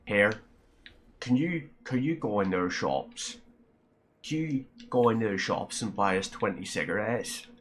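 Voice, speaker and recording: A man's voice: on the low side, lively intonation, a little slow, fairly bright tone, slight background noise. A man imitating a brash Northern Irish local with a Northern Irish accent, pushily asking someone to run to the shops for cigarettes. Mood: pushy.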